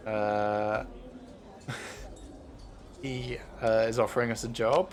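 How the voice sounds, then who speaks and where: A man giving casual gameplay commentary as a streamer, thinking aloud with many filler pauses. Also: on the low side, fairly even intonation.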